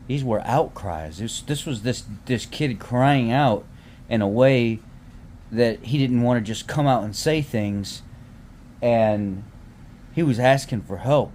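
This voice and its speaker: A man's voice: mid-range voice, slow, darkish tone, slight background noise. A man in his thirties ranting casually to his viewers, heated and swearing freely, often restarting and repeating words. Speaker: vlogger. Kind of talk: casual rant to camera.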